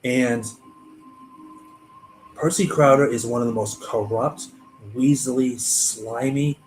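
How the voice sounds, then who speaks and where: A man's voice: medium pitch, steady tone, slow pace, faint music behind, low-quality recording. A man, an author, casually talking through the characters of his book on a livestream, chatty and restarting his sentences. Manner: chatty, self-interrupting, with small restarts. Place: home livestream setup.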